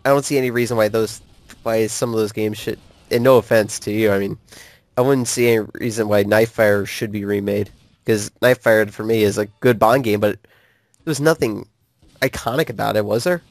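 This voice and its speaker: A man ranting about games in casual chat with a friend, animated and quick to curse and laugh. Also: lowish voice, dry recording. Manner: animated, swears freely, laughs often. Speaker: co-host of a gaming channel.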